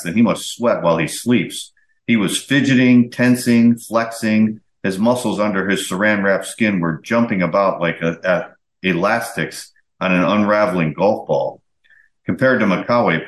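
A man hosting a podcast, reading old magazine articles aloud in a steady, measured storytelling way. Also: deep voice. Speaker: podcast host. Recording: roomy echo.

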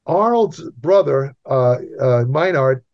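A man's voice: medium pitch, lively intonation, takes it slowly. A man talking as a guest writer on a podcast, rambling and repeating himself in casual chat. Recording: dull lo-fi sound.

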